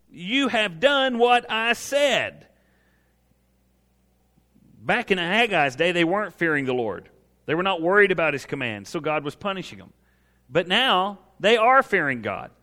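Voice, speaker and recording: Bright, high-voiced preaching man. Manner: rhetorical "right?" tag questions, emphatic preaching; voices God in first person, pleading and reassuring. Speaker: pastor. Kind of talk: sermon.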